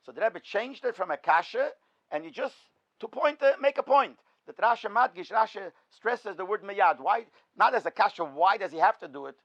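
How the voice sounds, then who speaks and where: Male rabbi, high-pitched, lecture style, asks and answers his own questions, muffled lo-fi audio. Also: lively intonation, normal speed, a bit bright. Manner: poses questions and answers them himself. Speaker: rabbi teaching a class. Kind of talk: in-depth Torah lecture.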